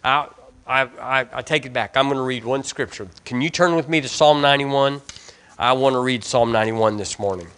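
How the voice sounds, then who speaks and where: A man's voice: medium pitch, brisk, a bit bright, clean tone. A male pastor with a Southern US accent preaching a sermon in a church, reading scripture aloud and leading the congregation to repeat lines after him, with emphatic repeated phrases. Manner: preaching with call-and-response and rising emphatic repetitions. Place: church sanctuary.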